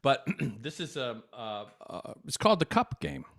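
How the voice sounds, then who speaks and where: A man's voice: mid-range voice, sing-song, measured pace, gravelly, fairly bright tone. A man teaching an at-home music lesson for children from his desk, upbeat and chatty, talking straight to young viewers.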